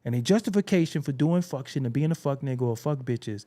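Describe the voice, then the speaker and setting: A man's voice: medium pitch, animated, fast, hardly any pauses, dark tone. A man from Brooklyn with a Brooklyn accent, hosting a casual commentary monologue in a blunt, preachy way, swearing freely. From Brooklyn, New York. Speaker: show host.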